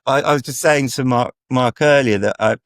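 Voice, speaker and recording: A man's voice: medium pitch, moderate pace, a bit bright, dry recording, clean studio sound. A man in his forties hosting a casual interview podcast, chatty and rambling with lots of asides. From England. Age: 40s. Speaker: podcast host.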